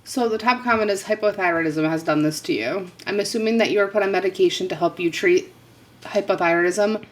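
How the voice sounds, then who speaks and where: A woman's voice: mid-range voice, brisk. A young woman co-hosting a casual podcast, reading comments aloud and giving blunt opinions with free swearing. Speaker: podcast co-host.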